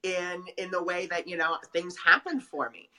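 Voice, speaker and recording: A man, a guest on an interview show about forgiveness, telling a personal story in a chatty, animated way, full of "you know" and acted-out dialogue. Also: high voice, normal speed, over a noisy crowd. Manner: animated, acts out dialogue in other voices.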